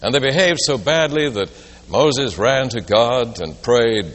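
A man's voice: medium pitch, animated, a little slow, fairly bright tone. A man preaching a sermon, telling a story and posing rhetorical questions. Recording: long reverb of a large hall.

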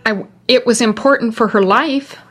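A woman's voice: a little high, normal speed, a bit bright. A woman, a mother, earnestly recalling a story in conversation, repeating words for emphasis. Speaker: mother and discussion participant. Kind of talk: casual recollection in conversation.

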